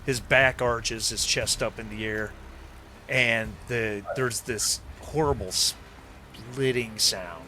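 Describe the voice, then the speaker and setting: A man narrating a tabletop game as game master, casual and halting. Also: mid-range voice, pushed and bright, a little hiss or hum. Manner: casual, halting with many fillers.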